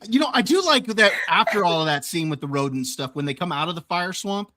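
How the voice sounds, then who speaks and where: A man's voice: sits high, animated, fast, noisy background. A man co-hosting a casual movie podcast, often stumbling over repeated words as he starts a thought. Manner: repeats words when starting, quotes film lines. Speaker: podcast co-host.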